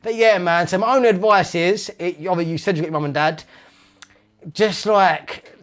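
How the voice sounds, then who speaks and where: Interview guest: high-pitched East London man in his thirties, loose and rambling, peppers his speech with mate and man. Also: moderate pace, a bit bright. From East London, England. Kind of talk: casual conversational interview.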